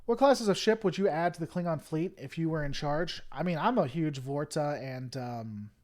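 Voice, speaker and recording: A young man from Tennessee with a Southern US accent hosts a casual livestream, answering viewers in a fairly high, expressive, darkish voice at normal speed. He rambles with lots of fillers and restarts, getting heated and then apologetic.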